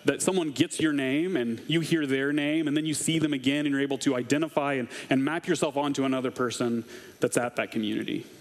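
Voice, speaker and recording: A man preaching a conversational sermon as a pastor, casual and wry with dry asides. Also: mid-range voice. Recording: long hall reverb.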